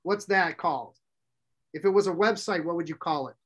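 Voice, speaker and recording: His voice is fairly high in pitch as this middle-aged man runs a workshop in front of a live audience. He keeps things brisk and direct, regularly turning questions back to the listeners.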